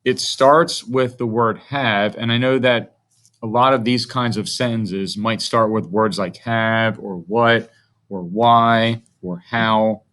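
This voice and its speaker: A man's voice: on the low side, steady tone, slow pace, fairly bright tone. A man teaching a grammar lesson to young children, speaking in a patient, friendly way.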